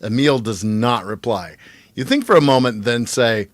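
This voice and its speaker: A man co-hosting a podcast, reading a gamebook aloud in an animated way and laughing easily with the others. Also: mid-range voice, moderate pace, no room sound.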